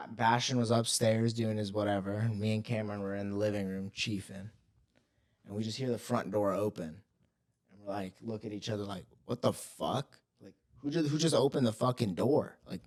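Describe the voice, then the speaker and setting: A man's voice: fairly low pitch, a little mellow. A young man co-hosting a podcast, telling a rambling, profane story in casual chat, full of filler words. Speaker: podcast co-host.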